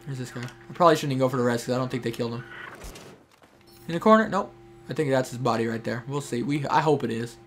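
A man's voice: mid-range voice, fast talker, slight background noise. A young man giving casual, chatty commentary while playing a shooter game, talking to teammates and viewers. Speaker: gameplay streamer. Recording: faint game gunfire behind.

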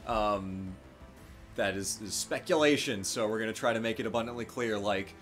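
A man's voice: lowish voice, moderate pace, a bit bright, faint music behind. Easygoing man co-hosting a game stream. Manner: easygoing, laughs often, hedges with ums and repeats. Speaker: co-host of a history gaming stream. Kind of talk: casual live-stream chat.

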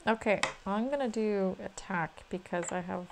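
A woman with an Irish accent, playing a tabletop game on a live stream and chatting in a relaxed way. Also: medium pitch, normal speed, noisy background. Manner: relaxed and chatty, often laughing. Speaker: player. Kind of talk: casual chat while playing a tabletop game.

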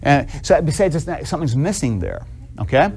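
A man teaching theology in a classroom lecture, animated and conversational, asking students questions and acting out little scenes. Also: fairly high pitch, fairly quick, creaky, soft background music. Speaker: theology professor.

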